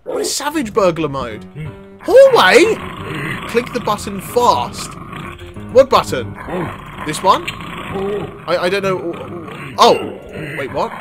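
Young guy doing game commentary, high voice swinging all over, loud game music under it. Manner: excitable, quick to laugh and exclaim. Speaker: gaming video host. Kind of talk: gameplay commentary.

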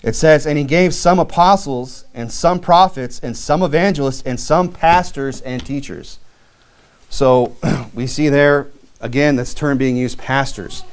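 A man's voice: medium pitch, unhurried, smooth. A man preaching a sermon as pastor in a church, reading scripture aloud and talking plainly with frequent restarts.

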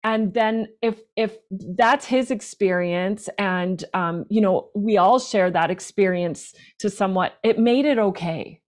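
A woman's voice: medium pitch, a little slow, hardly any pauses. Chatty woman flutist in an interview. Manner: chatty and animated, with many restarts and laughs. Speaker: professional flutist and flute teacher. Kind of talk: casual interview chat.

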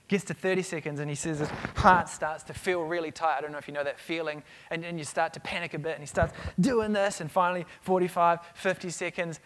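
A middle-aged man delivers a keynote to a conference crowd. His voice sits slightly high for a man, and he tells stories with energy, often doubling back on his words. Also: a little fast, hardly any pauses. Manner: energetic storytelling with frequent restarts. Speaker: conference speaker. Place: conference stage.

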